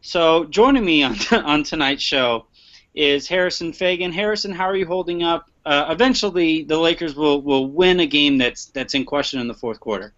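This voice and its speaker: A man's voice: on the high side, moderate pace, fairly bright tone. A man hosting a casual sports podcast, joking and laughing often, stumbling over repeated words. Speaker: podcast host. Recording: muffled lo-fi online stream.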